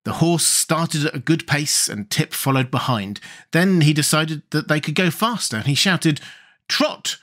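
A man reading a children's fantasy storybook aloud as an audiobook narrator, measured and expressive. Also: on the high side.

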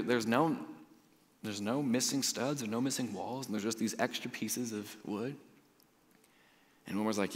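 A male pastor preaching a sermon, telling stories in an animated way and using a lot of casual "like" fillers. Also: fairly low pitch. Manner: animated storytelling with frequent "like" fillers. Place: church sanctuary. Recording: long hall reverb.

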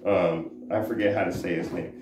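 A man giving an informal scripture teaching as a religious teacher, halting and often searching for words. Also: low voice, fairly even intonation. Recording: roomy echo, faint background noise.

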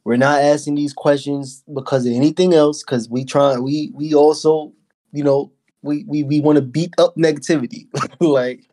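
A man's voice: fairly high pitch, fairly even intonation, normal speed, dark tone. Easygoing man hosting a podcast. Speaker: podcast host. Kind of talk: casual interview.

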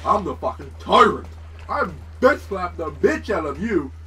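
A man's voice: high-pitched, big pitch swings, a little slow, fairly bright tone, distant mic, heavily acted. A man voicing a boastful, menacing male monster boss who taunts crudely. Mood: taunting.

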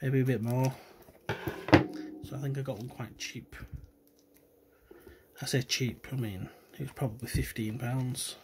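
A man giving subdued, self-deprecating commentary while opening trading cards, with low-key delivery and trailing hesitations. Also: fairly even intonation, measured pace, pauses often, heavy background noise. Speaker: card collector vlogger. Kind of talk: casual card-opening commentary.

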